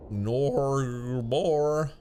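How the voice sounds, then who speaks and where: A stiffly formal video-game character who speaks in slow, ornate old-fashioned English, voiced by a man. The pitch still rises and falls with feeling. A faint background hiss stays under the voice. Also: animated, warm tone. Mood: stately.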